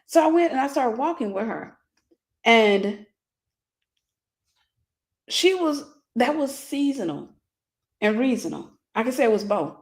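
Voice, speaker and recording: A woman's voice: on the high side, expressive, a little slow, long pauses. A woman minister in her forties telling a personal story in a casual livestream sermon, greeting viewers by name.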